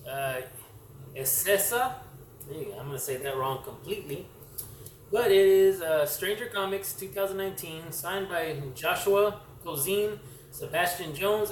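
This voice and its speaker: A man talks loosely and haltingly, stopping for fillers and correcting himself as he goes. His voice sits a little high and comes from some distance off the mic. The room around him rings with echo, and a faint hiss runs under it. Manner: rambling, halting, lots of fillers and self-corrections. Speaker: comic collector vlogger. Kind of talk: casual show-and-tell vlog.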